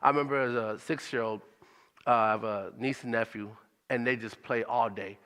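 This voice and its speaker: A man's voice: mid-range voice, fairly even intonation, normal speed, a bit bright, clear, resonant tone, big-room sound. A man speaking at a church service in a conversational, motivational way, repeating his questions for emphasis.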